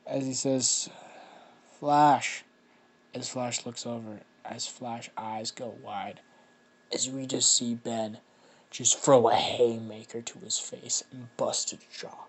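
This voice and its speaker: A man improvising a fan-made story out loud, rambling with many fillers and restarts. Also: mid-range voice, little pitch movement, slow pace, husky.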